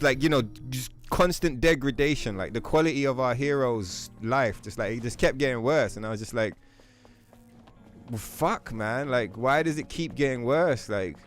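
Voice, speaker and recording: Profane rambling male streamer. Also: mid-range voice. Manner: profane, rambling storytelling with many fillers. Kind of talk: casual gaming stream chat. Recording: faint music behind the voice.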